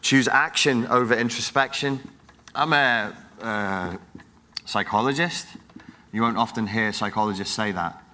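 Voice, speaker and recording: Fiery, bright-voiced man exhorting. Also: lowish voice, unhurried. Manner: blunt, profane, exhorting. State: wired and jet-lagged. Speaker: psychologist giving a conference talk. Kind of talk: fiery motivational stage talk. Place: conference stage.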